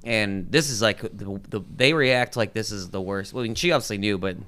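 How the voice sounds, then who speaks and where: A man co-hosting a podcast in casual chat, rambling and restarting sentences, cracking dark jokes. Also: lowish voice, fairly quick, smooth. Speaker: podcast co-host.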